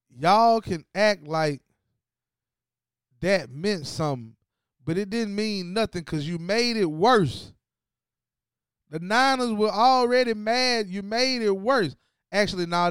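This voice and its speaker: A man hosting a sports show in a casual, profane, trash-talking rant, dropping low to read off numbers and jumping loud when he gets excited. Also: slow pace, long pauses, clean tone, no echo, studio quality. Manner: profane, trash-talking, repeats phrases for emphasis; swings between low stat-reading and loud excited outbursts. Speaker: sports podcast host.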